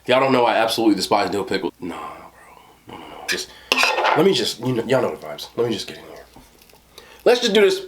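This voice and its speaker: Slangy young man, low voice. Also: expressive, fast talker, very noisy. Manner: chatty, slangy, addresses viewers as y'all and bro. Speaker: food vlogger. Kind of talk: casual cooking and mukbang vlog.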